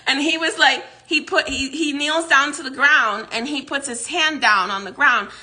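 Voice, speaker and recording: Her voice is high and bright with a forceful edge, moving at a moderate pace. This woman, a psychic vlogger, casually describes a dream in a rambling way, restarting many times and laughing frequently.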